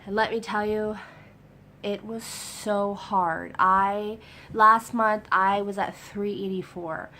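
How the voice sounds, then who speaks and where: Excited chatty woman vlogging. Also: mid-range voice, slow. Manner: excited, chatty, lots of fillers. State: getting over a cold. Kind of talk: casual personal update.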